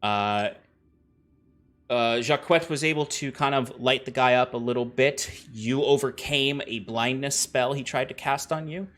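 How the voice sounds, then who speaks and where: A man's voice: mid-range voice, unhurried, fairly bright tone. Casual game master guy. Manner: casual, rambling with restarts and laughs. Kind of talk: running a tabletop game.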